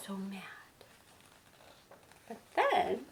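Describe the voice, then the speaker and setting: A woman teacher reads a picture book aloud to children in an animated way, pausing to quiz her listeners. Her voice is high and her pace unhurried. A faint hiss of noise sits under the recording. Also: poor audio. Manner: animated, asks listeners questions.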